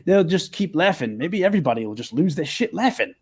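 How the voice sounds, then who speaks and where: Jokey man with a lively, bouncing voice. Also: sits high, brisk. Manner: expressive, laughs easily, jokey. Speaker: player. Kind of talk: playing a tabletop game.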